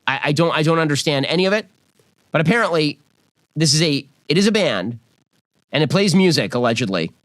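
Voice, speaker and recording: A man's voice: on the high side, animated, brisk, long pauses, a bit bright, no echo. A man in his thirties delivering a scripted commentary monologue in a sarcastic, mocking way. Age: 30s. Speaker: political commentator.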